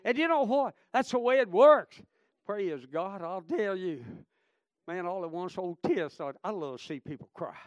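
A man preaching a revival sermon, swinging between shouted praise and hushed storytelling. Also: high-pitched, lively intonation, normal speed, no echo. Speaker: traveling preacher.

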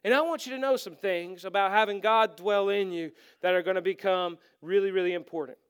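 A middle-aged male pastor preaching with a high voice, smooth and clear in tone. He talks in an animated way, acting out little quoted exchanges and joking at his own expense. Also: brisk. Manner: animated, acts out quotes, self-deprecating humor. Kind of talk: sermon.

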